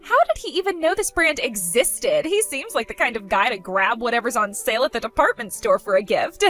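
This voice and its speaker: A woman's voice: fairly high pitch, sing-song, a little fast, fairly bright tone, soft background music. A woman voicing a spoiled, vain young woman who gloats, insults and giggles in a text-story skit. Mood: mocking.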